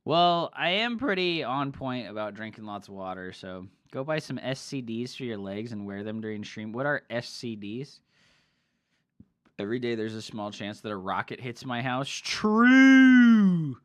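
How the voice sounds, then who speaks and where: A male streamer casting a match in a loose, profane, excitable style. His voice is bright and forceful, with a tense edge that cuts through the chatter. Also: fairly low pitch, moderate pace. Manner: swears a lot, loose and excitable. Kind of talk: casual game commentary.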